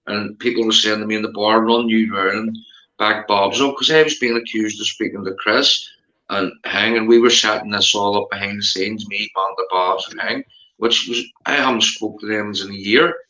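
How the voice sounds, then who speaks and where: A man's voice: lowish voice, fairly even intonation, normal speed, sharp tone, reverberant, poor audio. A man with a Northern Irish accent in rambling casual chat, repeating himself and calling his friend mate. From Northern Ireland.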